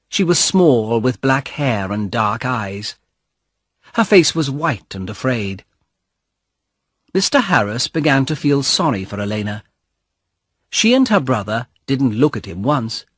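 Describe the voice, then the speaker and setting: A man reading a graded-reader story aloud as narrator, slowly and carefully. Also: fairly low pitch, lively intonation, fairly bright tone, breathy edge, no echo, clean studio sound.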